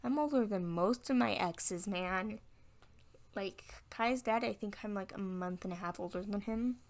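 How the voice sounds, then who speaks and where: A woman's voice: mid-range voice, unhurried, a little mellow. Candid young woman telling a story. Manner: candid, frank storytelling with quoted dialogue. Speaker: vlogger. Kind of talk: storytime vlog.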